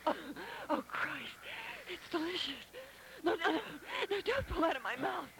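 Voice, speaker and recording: A woman plays a lusty, foul-mouthed adult lover whose voice sits very high and breathy, full of moans and coarse curses. The audio drama has a clear crowd murmur running underneath. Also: animated, moderate pace, low-quality recording. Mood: aroused. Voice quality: breathy moaning, coarse profanity. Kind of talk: explicit audio drama acting.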